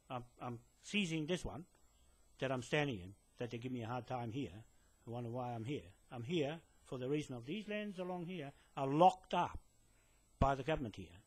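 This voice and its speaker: A land claimant speaks directly to camera to a police detective from inside a building, rambling with lots of fillers and restarts in an insistent, lecturing way. His mid-range voice is slightly mellow and husky.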